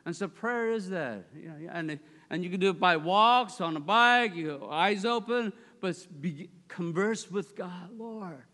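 A man preaching a sermon, animated, swinging between loud, high exclamations and quiet, low asides. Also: unhurried, few pauses. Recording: long hall reverb.

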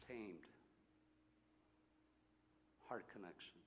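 A man preaching a reflective sermon, halting and often repeating his words as he thinks aloud, with a long hall reverb. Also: lowish voice, expressive, fairly bright tone.

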